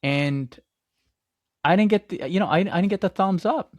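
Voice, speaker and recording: A man co-hosting a movie podcast, chatting in an animated, joking, self-mocking way. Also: sits high, normal speed, no echo. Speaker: podcast co-host. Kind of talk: casual movie podcast chat.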